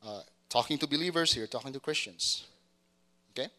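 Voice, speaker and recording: A man's voice: mid-range voice, fairly quick, sharp tone. A man preaching a sermon to a congregation, often repeating words and restarting phrases and checking that the listeners follow. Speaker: pastor.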